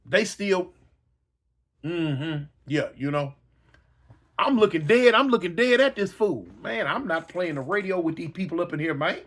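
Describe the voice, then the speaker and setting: Animated man telling a wild story. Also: high-pitched, measured pace. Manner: dramatic, acts out yells and voices, slangy.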